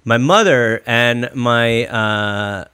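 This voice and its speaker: A man in casual podcast chat, trading jokes with a lively, animated delivery. The sound is dry and close, with no room echo. His voice sits at an ordinary middle pitch. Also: drawn-out words, clear, resonant tone. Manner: jokey, animated, slips into mock accents. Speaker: podcast host.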